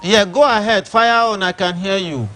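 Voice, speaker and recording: A man's voice: high voice, moderate pace, sharp tone, a little hiss or hum. A man with a Nigerian Pidgin accent hosting a call-in show, bantering with callers. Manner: banters with callers, switches between Pidgin and English. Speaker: radio call-in host.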